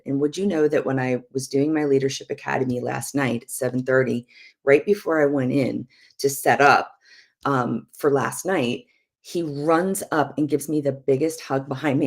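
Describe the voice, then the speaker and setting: A low-pitched, middle-aged woman teaches on a live church broadcast. She tells personal stories with animation and laughter, acting out the lines people said. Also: creaky, a little mellow. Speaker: prophetess and show host. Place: home office.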